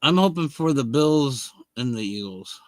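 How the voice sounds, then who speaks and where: A man's voice: medium pitch, animated, a little slow, no echo. A man hosting a live stream, chatting casually and bluntly, swearing freely. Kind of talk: casual chat with viewers.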